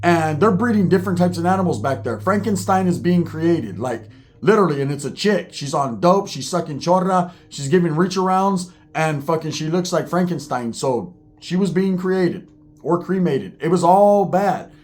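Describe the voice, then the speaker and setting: A man's voice: fairly high pitch, animated, moderate pace. A man telling a wild personal story in casual, profane, slang-filled talk, acting out the people he quotes.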